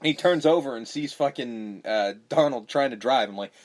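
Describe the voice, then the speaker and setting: Man, podcast host, casual movie recap, swears a lot, acts out scenes, mid-pitched voice. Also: moderate pace. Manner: profane, animated, acts out movie lines.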